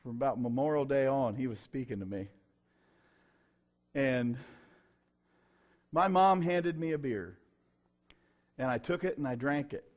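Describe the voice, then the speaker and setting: A middle-aged man, preaching his own testimony in a folksy, emphatic way with sudden loud bursts. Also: medium pitch, a little slow, long pauses. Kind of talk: sermon testimony.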